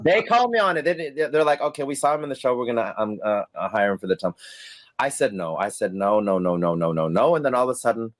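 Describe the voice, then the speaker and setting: Fast-talking with a fairly low pitch, this middle-aged man, a onetime stage performer, tells stories in a relaxed interview. He's animated, laughing, and imitating the people he quotes.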